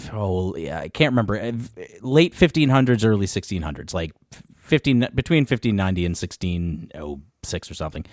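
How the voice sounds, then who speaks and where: Deep-voiced podcast guy, rambly and quick when he gets going, dry mic. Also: darkish tone, no room sound. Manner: rapid, rambling, laughs often. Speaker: podcast co-host. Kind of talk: casual chat.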